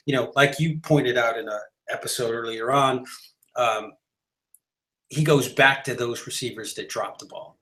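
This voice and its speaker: A man's voice: mid-range voice, normal speed, pushed and bright. A man co-hosting a live sports talk show, arguing emphatically and rambling with frequent restarts and fillers. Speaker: podcast co-host.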